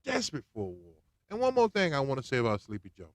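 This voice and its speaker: Animated slangy man ranting on a podcast. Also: mid-range voice, fast, no room sound. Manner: animated, slangy, swings between loud and hushed. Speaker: podcast host. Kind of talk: casual political rant.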